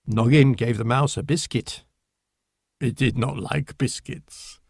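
A man reading a children's storybook aloud in a slow, clear, deliberate manner. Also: medium pitch, a little mellow, no echo, clean studio sound. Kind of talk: storybook narration.

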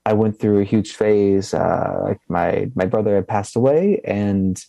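A young man answers interview questions about his music. His low, mellow voice has a slight lisp, and he pauses and restarts often. The sound is dry and close. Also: gravelly, no room sound, dull audio. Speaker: musician guest.

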